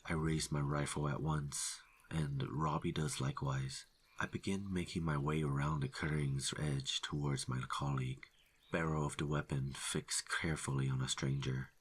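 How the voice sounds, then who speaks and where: A man narrating a first-person horror story in a steady, low-key delivery. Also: moderate pace, husky.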